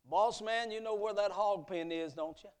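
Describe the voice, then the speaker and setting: A man voicing a humble old male servant and lay preacher who speaks in a soft, slow, drawling dialect. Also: high voice, smooth, natural voice. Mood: patient.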